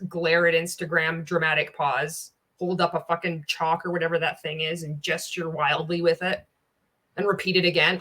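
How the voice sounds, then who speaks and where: A woman's voice: fairly low pitch, fairly bright tone. A woman giving reaction commentary in a blunt, sarcastic way, swearing often. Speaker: reaction video host.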